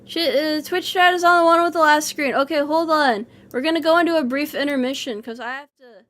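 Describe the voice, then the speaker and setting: High-voiced woman rambling while streaming. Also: brisk, fairly bright tone. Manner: rambling, self-deprecating jokes, nervous laughs. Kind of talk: casual game livestream chat.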